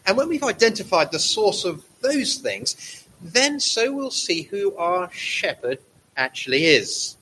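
A man preaching a sermon, measured and slowing down to stress key words. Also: high voice, sing-song, pushed and bright, slight background noise, poor audio.

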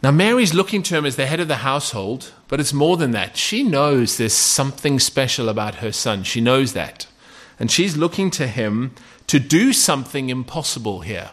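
A man's voice: mid-range voice, animated, normal speed, few pauses, fairly bright tone. A man preaching a sermon in a conversational way, often checking in with "okay?" and asking rhetorical questions.

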